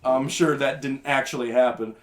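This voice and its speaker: A young man in easy, casual conversation as a podcast host, rambling along with plenty of ums and restarts. His voice sits at an ordinary middle pitch, relaxed and unhurried. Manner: rambling, laid-back, lots of fillers. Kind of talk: casual chat.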